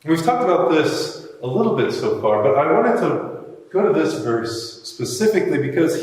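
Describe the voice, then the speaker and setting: A man's voice: on the high side, sing-song, normal speed, darkish tone. Male preacher, reflective and musing, recorded from afar in a big echoey hall. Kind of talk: sermon. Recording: echoey hall, mic far off.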